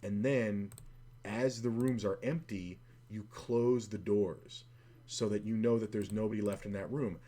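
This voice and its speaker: A man's voice: fairly low pitch, steady tone, measured pace, mellow. A man streaming online poker and telling a rambling, profane story in a casual way. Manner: profane, rambling, full of fillers.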